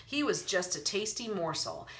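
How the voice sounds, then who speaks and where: A woman's voice: medium pitch, sing-song, normal speed, fairly bright tone. A woman reading a storybook aloud as narrator, telling the story with expression. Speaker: audiobook narrator. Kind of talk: audiobook narration.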